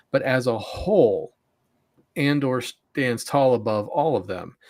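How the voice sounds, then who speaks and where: A man co-hosting a podcast, giving opinions in casual chat and often restarting his sentences. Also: mid-range voice. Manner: opinionated, repeats words when starting. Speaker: podcast co-host.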